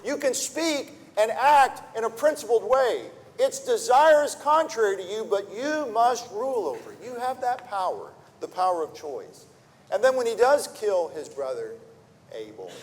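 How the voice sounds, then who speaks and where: A man's voice: sits high, very animated, moderate pace. A man preaching a sermon, earnest and full of rhetorical questions, often repeating words as he restarts a thought. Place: church sanctuary. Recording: long reverb of a church hall.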